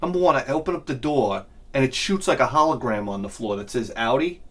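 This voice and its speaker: A middle-aged man telling a rambling, self-mocking comic story with lots of swearing and loud bursts of laughter. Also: fairly high pitch, big pitch swings, normal speed, few pauses. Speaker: video game collector vlogger.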